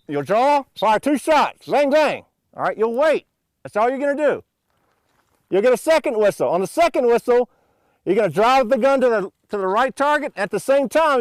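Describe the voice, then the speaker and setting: A man in middle age teaches a pistol drill outdoors, his voice sitting somewhat high for a man. He mixes playful threats with brisk, commanding instructions to his students. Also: no echo, studio quality. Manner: joking, commanding drill calls. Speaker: shooting coach. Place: outdoor shooting range.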